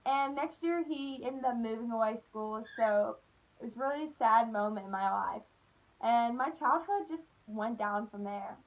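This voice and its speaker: A young woman telling a childhood story on her vlog, animated and full of "like", acting out the voices. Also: fairly high pitch, normal speed. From Appalachian United States. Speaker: vlogger. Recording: dull lo-fi recording.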